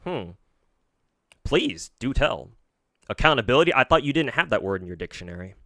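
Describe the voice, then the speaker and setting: A man's voice: medium pitch, big pitch swings, racing, sharp tone, no room sound, clean studio sound. Profane mocking male streamer. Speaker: streamer reacting to a video. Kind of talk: livestream reaction commentary.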